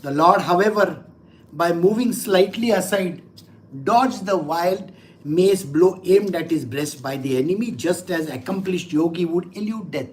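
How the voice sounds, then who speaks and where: A man's voice: sits high, a little slow, darkish tone, poor audio. A man gives a scripture lesson as a spiritual teacher, reading verses and then explaining them casually. His talk is conversational and often broken by little chuckles.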